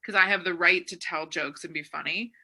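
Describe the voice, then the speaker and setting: Woman, podcast co-host, casual chat, very bright tone, animated storyteller. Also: on the low side, brisk. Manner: animated storytelling, jumps into loud acted quotes.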